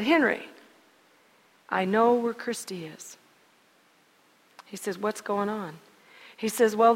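A middle-aged woman giving an emotional church testimony, telling her story earnestly and dramatically, often restarting her sentences. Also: medium pitch. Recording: long reverb of a large hall.

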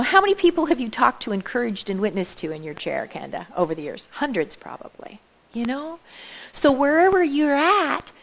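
A chatty woman gives a lively talk to a church audience, her voice gravelly with vocal fry. She keeps asking her listeners direct questions and adds quick asides. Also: medium pitch. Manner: chatty, many asides and laughs. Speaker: speaker at a church event.

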